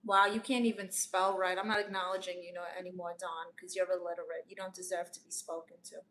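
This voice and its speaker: This woman talks fast in a lowish, level, slightly bright voice, lightly acting the part of a teasing, brash aunt who says she's a therapist. In improvised live-stream comedy, she answers chat with a sassy air, calling her audience honey.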